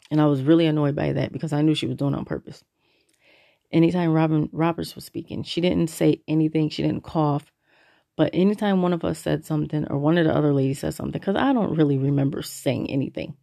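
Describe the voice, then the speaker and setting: Laid-back woman with a gravelly voice. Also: deep voice, warm tone, dry recording. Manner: laid-back, rambling, conversational. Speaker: podcast host. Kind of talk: casual personal storytelling.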